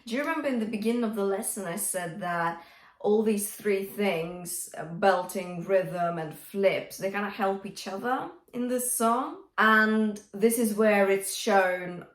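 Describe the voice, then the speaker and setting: A woman's voice: mid-range voice, unhurried, far from the mic. Woman, vocal coach, singing lesson, coaxing, echoey room. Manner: encouraging, coaxing with "yeah?". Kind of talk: singing lesson with sung demonstrations.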